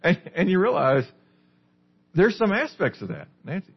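A man's voice: high voice, very animated, normal speed, breathy edge, dull audio. A man preaching a sermon as a pastor, teaching a small group with questions in a conversational way. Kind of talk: sermon, Bible study.

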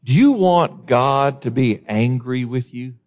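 A man's voice: lively intonation, takes it slowly, darkish tone. Impassioned male preacher. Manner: impassioned, rising to high emphatic peaks when quoting scripture; directly questions the congregation. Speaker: pastor. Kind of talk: sermon.

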